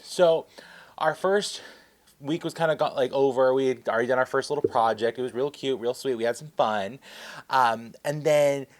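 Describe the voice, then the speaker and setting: A man vlogging a story time in a chatty, excitable, rambling way. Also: mid-range voice, normal speed.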